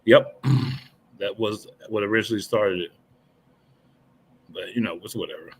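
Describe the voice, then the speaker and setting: A man's voice: on the low side, unhurried, breathy edge. A man co-hosting a casual wrestling podcast, blunt and dry with a sarcastic edge. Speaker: podcast co-host.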